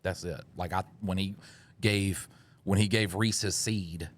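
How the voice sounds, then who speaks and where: A man's voice: sits low, fairly even intonation, measured pace. A man hosting a podcast, rambling in casual chat and laughing often. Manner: laid-back, rambling with frequent laughs. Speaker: podcast host.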